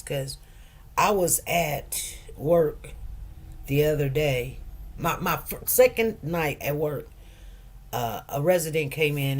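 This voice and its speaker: A woman nurse chatting casually, telling stories emphatically with many restarts and asides. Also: low voice. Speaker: nurse, co-host. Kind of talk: casual chat.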